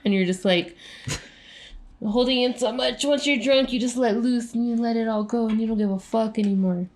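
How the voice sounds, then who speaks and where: Tipsy woman podcast co-host, profane and animated, casual chat. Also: on the high side, normal speed. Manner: loud, profane, animated, laughing.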